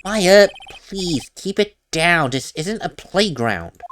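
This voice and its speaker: A woman's voice: on the low side, lively intonation, takes it slowly, a little hiss or hum. A woman voicing an earnest young male defense lawyer from a video game, in a plain, questioning tone. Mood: scolding.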